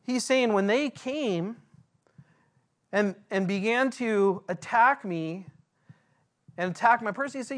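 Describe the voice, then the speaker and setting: Earnestly working through the Bible verse by verse, a pastor with a high voice eases his pace each time he reads a passage out loud.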